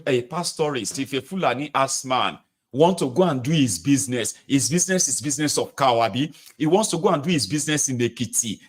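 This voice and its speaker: Man, Nigerian accent, indignant commentary, emphatic, mid pitch. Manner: indignant, emphatic, repeats for stress. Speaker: political commentator. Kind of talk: opinionated commentary.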